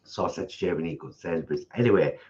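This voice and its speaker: A man's voice: low voice, very fast, a little mellow, lo-fi sound. A man co-hosting a casual live food chat from his home kitchen, rambling and restarting his sentences. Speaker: co-host of a vegan food channel.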